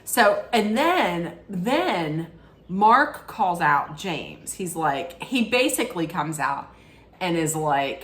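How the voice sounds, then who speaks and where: A middle-aged woman recapping a reality show in a casual, rambling way, often correcting herself mid-sentence and throwing in animated asides. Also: on the low side, slow. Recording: echoey room with faint ambience.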